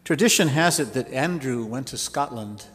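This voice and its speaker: A man's voice: medium pitch, animated, normal speed, fairly bright tone, big-room sound. A man preaching a sermon, telling stories with folksy asides. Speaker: pastor.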